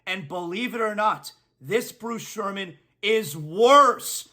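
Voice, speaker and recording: A man's voice: sits high, animated, slow, hardly any pauses, bright, forceful tone. A man hosting a sports talk show, ranting emphatically and repeating his punchlines for effect. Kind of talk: opinionated sports talk monologue.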